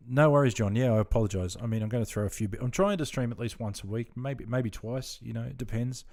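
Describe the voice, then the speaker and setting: A man's voice: mid-range voice, quick pace, darkish tone. A laid-back Australian man chatting casually with viewers during a game stream, rambling and friendly with lots of fillers. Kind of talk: casual live-stream chat.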